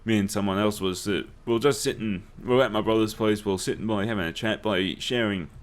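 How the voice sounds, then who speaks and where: With a lowish voice and quick pace, a young man spins yarns while gaming as a let's play host. He swears freely and laughs through his tales, all casual.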